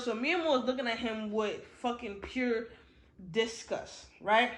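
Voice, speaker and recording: Woman, fairly high voice, casual slangy book-recap talker, room echo. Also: fairly even intonation, measured pace, a bit bright. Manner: chatty and slangy, with frequent swearing. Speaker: book reviewer. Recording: roomy echo.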